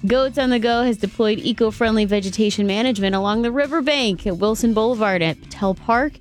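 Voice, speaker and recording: A woman's voice: on the high side, a little fast, faint music behind. A woman hosting a morning radio show, chatty and bubbly in casual banter.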